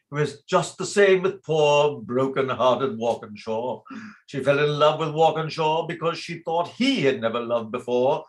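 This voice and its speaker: A man's voice: mid-range voice, natural voice. A man reading the part of a fussy, blustering father of the bride in an amateur play reading. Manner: blustering, fussing, mock-solemn.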